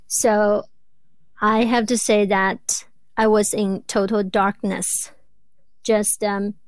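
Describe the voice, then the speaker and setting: A woman in her thirties, a Chinese native speaker from rural China, speaks as an interview guest. She stutters, with repeated sounds and blocks. Her pace is slow and the sound is dry and close. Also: mid-range voice, flat delivery, dry recording. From rural southwest China. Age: 30s. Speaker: guest, doctoral student. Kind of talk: interview conversation.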